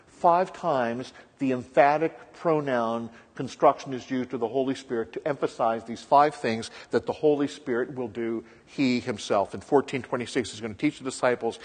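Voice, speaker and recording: A man's voice: mid-range voice, husky. A male pastor reads scripture and then teaches a sermon in a conversational way, with frequent ums and uhs. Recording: long echoing reverb of a large hall.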